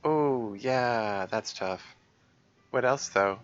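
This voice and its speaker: A man voicing a caring, persistent young woman who coaxes a friend and keeps gently insisting on helping. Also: mid-range voice, very slow, clear, resonant tone, muffled recording, soft background music. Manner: eager, coaxing, gently insistent.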